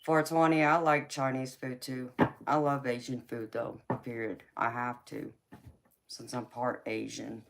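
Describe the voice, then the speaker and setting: Southern woman host, deep low voice, unhurried drawl, casual stream chat. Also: flat delivery, creaky, slight background noise. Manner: drawling, slow, reads viewer comments aloud. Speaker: livestream host. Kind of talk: casual chat with live viewers.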